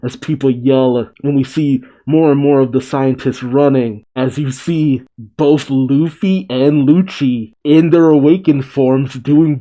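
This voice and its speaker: A man's voice: medium pitch, dark tone. A man hosting a manga reaction video, recapping the chapter with frequent exclamations and laughs. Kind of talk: excited reaction commentary reading a comic.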